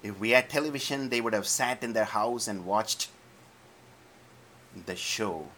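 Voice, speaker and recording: Male preacher, dramatic sermon storyteller, slow and bright-toned. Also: on the low side, a little hiss or hum. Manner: dramatic, slow retelling with modern asides.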